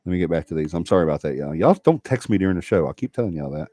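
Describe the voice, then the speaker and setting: A man's voice: low voice, animated, very fast, mellow, no room sound. A man hosting a paranormal livestream, chatting casually and reading out viewer comments in a folksy, laughing way. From Alabama.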